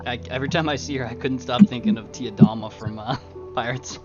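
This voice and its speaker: A man's voice: medium pitch, brisk. A man playing in a tabletop game, laid-back and hesitant, with lots of "uh"s and casual swearing. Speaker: player. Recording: dull lo-fi mic with clear background music.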